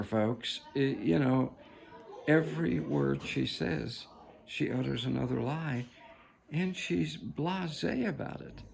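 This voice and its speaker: A man's voice: mid-range voice, measured pace, creaky, a little mellow. A man delivering an emphatic, preachy political commentary monologue to camera, often calling his viewers "folks".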